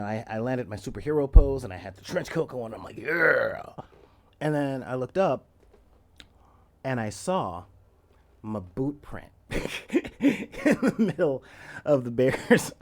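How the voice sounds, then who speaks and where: A man in his forties telling a story in a loose, rambling way, often laughing and acting out the quoted lines loudly. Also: medium pitch. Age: 40s. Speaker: podcast host. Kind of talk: casual storytelling.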